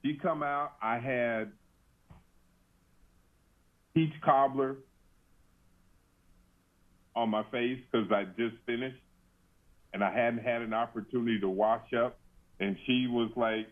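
A man telling a childhood anecdote casually in an unhurried way. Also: medium pitch, fairly even intonation. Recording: narrow phone-like sound.

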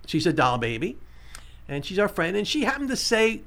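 A man hosting a casual radio talk show, who repeats key points and slows right down to spell out numbers. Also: sits high, sing-song, creaky, fairly bright tone.

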